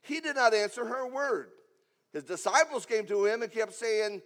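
A man preaching a sermon, swinging between loud emphatic lines and hushed asides. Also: high-pitched, very animated, moderate pace. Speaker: pastor.

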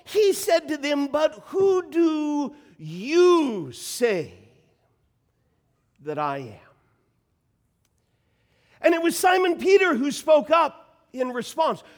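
A man's voice: extremely high pitch, very animated, slow pace, pauses often. A man preaching a sermon, reading Scripture and building to emphatic, rising bursts. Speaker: pastor.

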